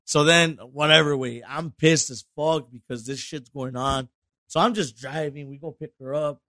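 Guy telling a wild story, cussing nonstop, acts out what people said, kinda high voice, dry close mic. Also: moderate pace, no echo. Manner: animated, heavy swearing, acts out quotes. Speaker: podcast guest. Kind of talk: casual storytelling.

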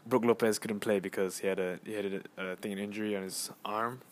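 A young man hosting a casual solo podcast on his phone, rambling and excitable as he tells a story with lots of fillers and restarts. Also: fairly low pitch, quick pace. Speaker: podcast host.

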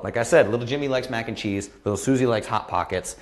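A man's voice: mid-range voice, fast talker, few pauses. A man in his thirties hosting a live question-and-answer stream, talking bluntly and passionately and repeating phrases for emphasis. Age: 30s. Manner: impassioned, emphatic, gets worked up. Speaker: host of a live Q&A. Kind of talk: live-stream motivational talk.

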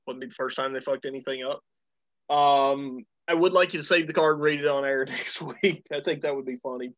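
A man's voice: medium pitch, steady tone, fairly quick, fairly bright tone, dry recording. A man chatting casually, laughing and swearing as he rambles along with plenty of fillers. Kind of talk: casual chat. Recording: dull lo-fi recording.

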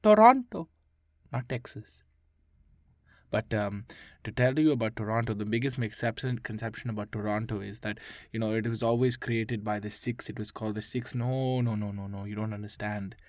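A man voicing a confused, flustered interview guest from Toronto who speaks with a put-on strong accent, halting and repeating himself. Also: fairly low pitch, a bit bright, no room sound, studio quality, close to an everyday voice. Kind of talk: improvised comedy interview sketch.

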